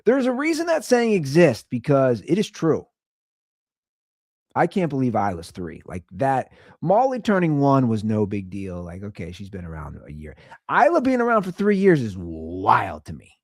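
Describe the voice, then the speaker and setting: A man's voice: mid-range voice, sing-song, moderate pace, no room sound, studio quality. A young man hosting a casual solo podcast, rambling about family life. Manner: rambling, chatty, swings between sing-song and mumbling. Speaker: podcast host.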